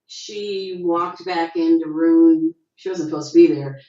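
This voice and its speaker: Middle-aged actress guest, low mellow voice, animated raconteur, dull roomy video-call sound. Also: female voice, unhurried. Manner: animated storyteller, acts out quotes with rising pitch. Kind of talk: casual interview over video call.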